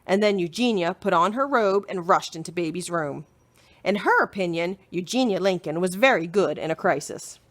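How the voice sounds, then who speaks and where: A woman librarian reading a children's chapter book aloud in an expressive storytelling manner. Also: fairly low pitch, moderate pace.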